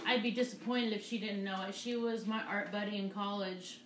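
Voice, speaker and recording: A woman's voice: medium pitch, steady tone, fairly quick, hardly any pauses, a bit bright, reverberant, a little hiss or hum. A woman art teacher giving a live painting demonstration, upbeat and encouraging as she talks through each stroke. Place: art studio.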